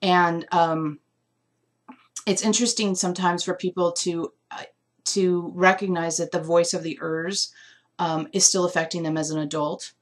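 A woman with a slightly low voice talks through an intuitive essential oil reading live. She muses aloud, trails off and restarts as she hunts for the right words. At times she sounds moved, close to tears. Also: fairly even intonation, normal speed. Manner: musing, searching for words with many fillers.

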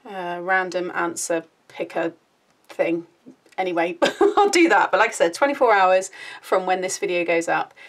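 Gushing British woman with gravelly voice. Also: on the low side. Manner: gushing, chatty, often drops to a soft murmur. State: out of breath. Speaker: craft vlogger. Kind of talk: casual show-and-tell chat. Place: home, sitting down.

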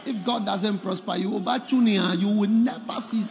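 A man with a Ghanaian accent preaching a sermon, dropping to low murmurs and then bursting into shouted lines. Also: normal speed, slight background noise. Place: large seminar hall. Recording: echoey hall reverb.

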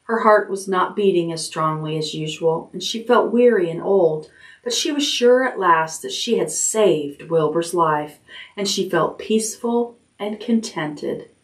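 A woman librarian reading a children's chapter book aloud at bedtime, gently, raising her voice for the characters' lines. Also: a little slow. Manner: gentle storytelling, lifts pitch for character lines.

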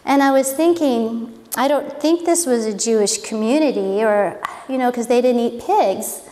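Speaking at a moderate pace in a mellow voice on the high side, a woman leads an informal Bible lesson in a church hall. She's chatty and wonders aloud, and the recording carries the hall's long, echoey reverb.

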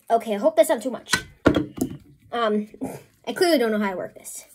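A woman's voice: fairly high pitch, a little fast, pauses often, noisy background. A woman chatting casually through a messy home crafting vlog, flustered and apologetic as things go wrong. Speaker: vlogger. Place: home, indoors at a work table.

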